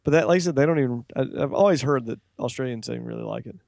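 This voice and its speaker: A man co-hosting a casual horror-movie podcast, tossing in quick wisecracks. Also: mid-range voice, gravelly, a little mellow, dry recording, clean studio sound. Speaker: podcast co-host. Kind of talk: casual film discussion.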